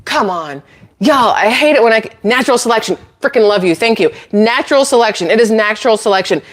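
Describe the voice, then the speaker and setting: A woman's voice: fairly high pitch, expressive, fast talker. A woman hosting her own channel, ranting to camera in a blunt, sarcastic, incredulous way with exasperated laughs. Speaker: channel host.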